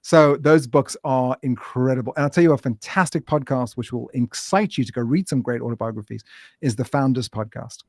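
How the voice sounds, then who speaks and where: Fast-talking man telling stories. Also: mid-range voice, no room sound. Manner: animated storyteller, acts out quotes. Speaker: podcast guest, entrepreneur. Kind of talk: enthusiastic casual interview talk.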